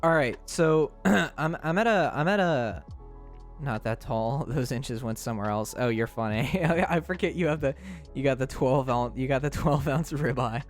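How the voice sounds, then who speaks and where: A man's voice: medium pitch, moderate pace, soft background music. A young man streaming live, chatting playfully with his chat, laughing often and tripping over his words.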